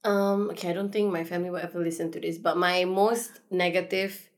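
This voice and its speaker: A woman's voice: on the low side, steady tone, a little fast. A young adult woman talking candidly as an influencer guest in a casual podcast chat, often laughing and acting out quoted people.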